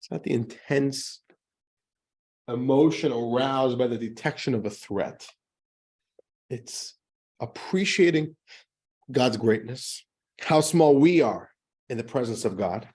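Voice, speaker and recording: A man's voice: mid-range voice, a little mellow. A male rabbi teaching an adult class in a conversational lecture style, asking rhetorical questions and telling jokes.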